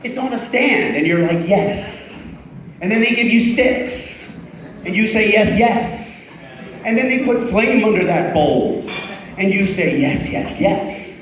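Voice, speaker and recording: A man's voice: high voice, animated, moderate pace, fairly bright tone. A man in his fifties performing a stand-up comedy set on a club stage, chatting with the crowd and poking fun at himself. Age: 50s. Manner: chatty crowd work, self-mocking. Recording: echoey club room, voice off-mic.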